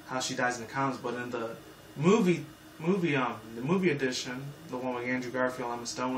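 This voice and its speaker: A man's voice: mid-range voice, fairly bright tone. A man in his twenties giving a rambling, profane, casual movie review full of fillers. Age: 20s. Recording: echoey room, mic far off, faint noise.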